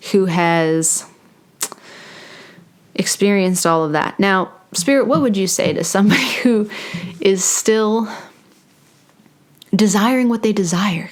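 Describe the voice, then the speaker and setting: A woman hosting a spiritual talk, speaking unhurriedly into a close microphone and passing on channeled guidance, with playful self-mocking asides. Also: medium pitch. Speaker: meditation and spiritual channeling host. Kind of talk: slow reflective spiritual talk with channeled passages.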